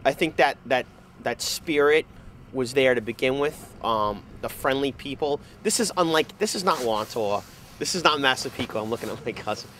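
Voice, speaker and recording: A man's voice: mid-range voice, animated, moderate pace, fairly bright tone, a little hiss or hum. A father in his thirties speaking outdoors. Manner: conversational, with frequent ums. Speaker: parent and resident. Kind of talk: casual interview.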